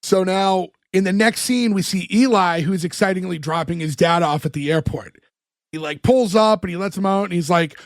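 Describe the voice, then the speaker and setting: A man with a high voice talks through a sitcom episode on a podcast, slipping into the characters' lines as he retells each scene. The sound is dry and close, with no room around it. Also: creaky, dry recording. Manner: recounts scenes with quick acted-out quotes. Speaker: podcast co-host. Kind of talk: casual chat recapping a sitcom episode.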